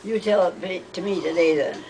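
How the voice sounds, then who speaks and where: An older woman telling rambling family stories, halting with frequent restarts. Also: lowish voice, dark tone, slight background noise, rough recording. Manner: hesitant, halting, with many restarts. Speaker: interviewee.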